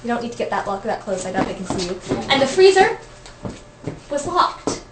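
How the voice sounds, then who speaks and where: A woman's voice: a little high, sing-song, brisk. A woman telling a comic personal story at an open mic, chatty and laughing often. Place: event room, audience present. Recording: echoey room, distant noisy mic.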